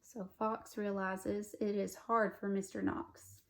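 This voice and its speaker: A woman, a first grade teacher, reading a picture book aloud to children and gently commenting on the pictures. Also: mid-range voice, little pitch movement, takes it slowly.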